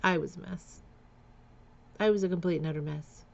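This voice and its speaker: Vlogger woman with a gravelly edge, raw and candid, lo-fi recording. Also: on the low side, normal speed. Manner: candid, emotional, with nervous laughs and repeated words. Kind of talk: personal storytelling vlog.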